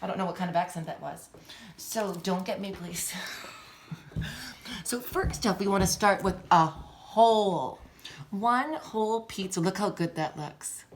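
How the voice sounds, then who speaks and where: A young adult woman teaching a playful classroom lesson on video, animated and teasing, laughing often. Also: medium pitch, a little slow, a little hiss or hum.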